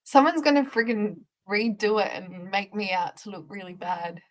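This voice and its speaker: A woman's voice: mid-range voice, moderate pace, low-quality recording. A woman co-hosting a casual live stream from a video call, with a mid-range voice. She is giggly and self-conscious as she chats and explains things.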